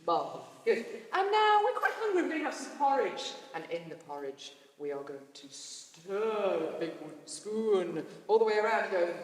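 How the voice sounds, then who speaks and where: A woman leading a choral workshop, guiding a group through playful vocal warm-ups with encouragement and sudden leaps in pitch. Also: very animated, normal speed, few pauses. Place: large hall with a group. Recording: echoey hall from far off.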